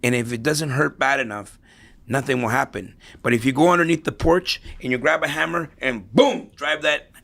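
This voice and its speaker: A man's voice: medium pitch, normal speed, vocal fry, fairly bright tone. A middle-aged man speaking as an interview guest, telling stories casually and tagging his points with "right?". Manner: storytelling, tags points with "right?". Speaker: interview guest, real estate investor.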